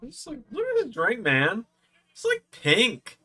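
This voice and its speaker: A man's voice: very high-pitched, wildly swooping pitch, unhurried, bright, forceful tone. A tipsy man hosting a live watch-along stream, rambling and swearing a lot as he comments. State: tipsy from drinking. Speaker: stream host.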